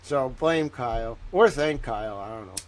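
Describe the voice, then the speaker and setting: A man's voice: mid-range voice, lively intonation, moderate pace, a little hiss or hum. A man with a Southern US accent hosting a casual livestream, chatting sarcastically and greeting viewers by name. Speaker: livestream host.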